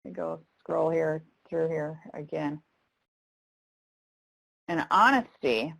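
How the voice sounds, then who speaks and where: A woman's voice: low-pitched, takes it slowly, gravelly, fairly bright tone, no room sound, poor audio. A woman trainer running a live online training session, talking conversationally and reading chat comments aloud with frequent ums.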